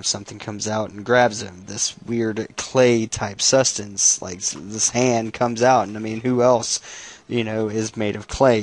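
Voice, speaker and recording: A man casually retelling a comic book's plot, swearing freely and restarting his sentences. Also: lowish voice. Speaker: comic book recap YouTuber. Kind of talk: casual spoken comic recap.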